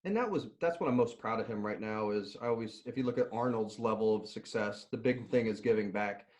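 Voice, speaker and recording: A man's voice: fairly low pitch, brisk. A middle-aged man, a nutrition and strength coach, telling stories in a casual interview, laughing and restarting often. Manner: animated, laughing storyteller with many restarts.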